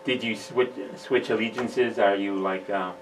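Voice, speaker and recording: A man's voice: lowish voice, steady tone, a crowd in the background. A man hosting a casual radio interview who often stops and restarts. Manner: halting, full of restarts. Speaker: radio host. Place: radio studio. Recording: distant mic with faint hiss.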